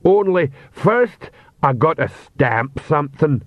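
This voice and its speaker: A big, dim troll guard plods through every word with cheerful earnestness, as a male reader puts him on. The voice sits noticeably higher than the reader's own and comes out loud and slow. It is a dull, dry audiobook recording. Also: lively intonation, dry recording. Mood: plodding cheerful.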